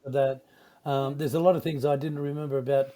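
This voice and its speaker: An older Australian man, a veteran radio broadcaster, reminiscing in a rambling, halting way with many restarts. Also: medium pitch, flat delivery, over a noisy crowd. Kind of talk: casual reminiscing interview.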